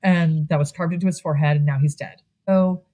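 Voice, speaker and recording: A woman with a slightly low voice chats her way through a movie recap on a podcast. She tells it animatedly, dropping into quick put-on voices for each character and breaking into laughs along the way. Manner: animated retelling, acting out lines in quick voices, laughs often. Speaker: podcast co-host. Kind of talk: casual movie recap chat.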